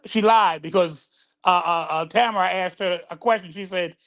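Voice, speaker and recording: A man's voice: high voice, normal speed, fairly bright tone. A man on a casual talk show, stammering and repeating words as he explains things.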